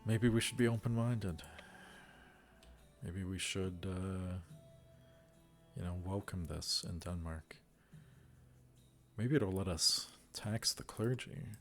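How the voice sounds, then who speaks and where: A man's voice: low voice, slow, long pauses, faint music behind. A man casually commenting on a strategy game as he plays, musing wryly to himself. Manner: musing, wry, talks to himself while playing. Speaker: let's play gamer.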